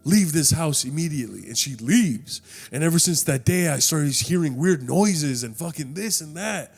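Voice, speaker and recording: Animated, profane young man telling a story. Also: fairly high pitch, normal speed, gravelly, slightly rough, soft background music. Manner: animated, profane, quotes people in his story, frequent "dog" and "bro". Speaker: podcast co-host telling a story. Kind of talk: casual storytelling chat.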